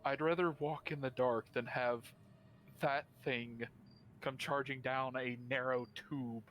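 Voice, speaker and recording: Male player, dry banter, mid pitch, faint noise behind. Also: fairly even intonation, a little slow, fairly bright tone. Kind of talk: casual tabletop play.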